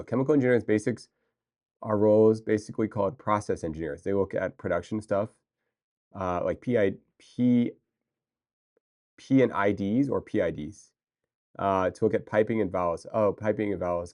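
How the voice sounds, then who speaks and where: A man on a livestream, talking casually to his viewers and answering their chat. He rambles excitably, restarting his sentences as he goes. His voice sits a little low for a man. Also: normal speed.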